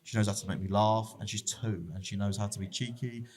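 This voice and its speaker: Low-voiced man, candid and heartfelt. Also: steady tone, fairly quick, a little mellow. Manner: open, candid, heartfelt storytelling. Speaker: barber shop founder, guest. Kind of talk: casual podcast conversation.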